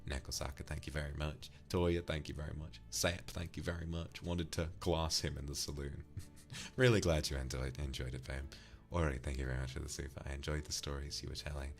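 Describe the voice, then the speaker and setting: A man's voice: extremely low pitch, fairly even intonation, fairly quick, faint music behind. A man from the UK, streaming and casually thanking viewers for donations, affectionately calling them darling. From United Kingdom.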